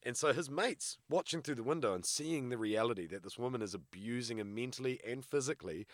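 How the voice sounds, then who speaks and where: A man chatting casually on a podcast, telling stories and jumping into high-pitched voices for the people he quotes. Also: fairly quick, no echo, studio quality. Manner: animated storyteller, jumps into high quoted voices. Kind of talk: casual chat, storytelling.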